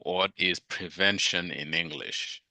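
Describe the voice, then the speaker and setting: A man teaching a class, questioning his students over and over about word meanings. His voice is low and gravelly, yet bright and forceful. He speaks slowly, and the sound is dry and close. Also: steady tone, dry recording. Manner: questioning, drilling students on vocabulary. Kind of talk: classroom lecture.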